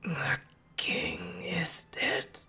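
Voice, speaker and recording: A game master voicing a despairing female dwarf prisoner in a hoarse, weak, pained whisper, as whispered role-play. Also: medium pitch, steady tone, drawn-out words, pushed and bright, faint music behind, pitched above the performer's own voice, full character voice.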